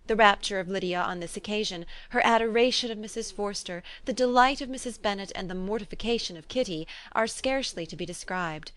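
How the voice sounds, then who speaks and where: A woman reads a classic novel aloud in a measured, even audiobook narration. Her delivery is steady and unhurried. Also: medium pitch, no room sound. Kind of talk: scripted narration.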